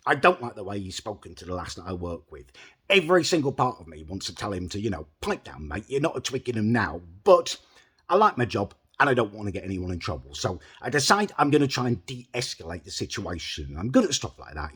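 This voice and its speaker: A man tells a comic story straight to camera, sweary and exasperated, puffed up with his own importance. His voice has a husky grain. His pitch rises and falls a lot as he talks. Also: fairly bright tone. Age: adult, older than mid-twenties. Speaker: storytelling host.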